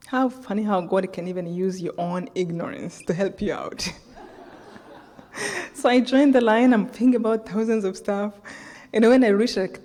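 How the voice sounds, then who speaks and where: A woman's voice: mid-range voice, mellow. A woman from Rwanda with a Rwandan accent, telling a personal story in a talk, acting out the voices in it and laughing often. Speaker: author giving a talk. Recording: long hall reverb.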